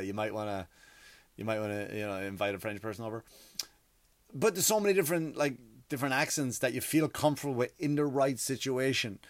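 His voice sits in the mid range with a slightly bright quality and no echo. The Irish podcast host, a man in his thirties, spins a funny, profane yarn full of restarts and tangents.

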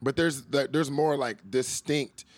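A man's voice: mid-range voice, takes it slowly, no room sound. American man, californian, casual, swears and laughs, dry close sound. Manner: loose, profane, laughs often. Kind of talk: casual chat.

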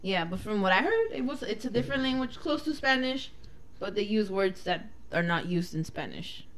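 A woman co-hosting a casual chat, animated and quick to laugh, swearing freely. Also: mid-range voice, slight background noise. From Cuba.

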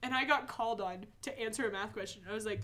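A teenage girl co-hosting a podcast, telling a story in a casual chat, animated, laughing often and filling with "like". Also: a little high, fast talker. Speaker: podcast co-host.

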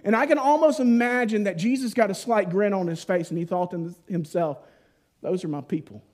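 High-voiced man preaching a folksy sermon. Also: brisk. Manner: folksy storytelling with playful voiced asides; drops to a hushed, solemn tone at key points.

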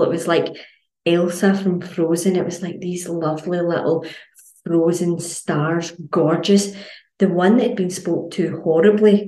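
A Scottish woman with a fairly low voice talks in a casual podcast monologue. She is blunt, swears freely and tells her stories with lots of energy. The room gives her voice a roomy echo. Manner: blunt, sweary, animated storytelling. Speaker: health and fitness coach.

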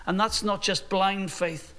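A man's voice: high voice, steady tone, unhurried, sharp tone, smooth. A male pastor delivering a sermon in an earnest manner, sometimes acting out imagined voices.

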